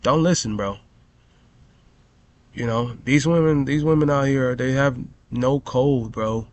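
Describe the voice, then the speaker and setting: A man's voice: medium pitch, measured pace, a little mellow. Young man ranting, swearing, rambling. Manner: rambling, heavy on "bro" and "you know", swears constantly. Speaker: vlogger. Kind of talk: profane storytelling rant.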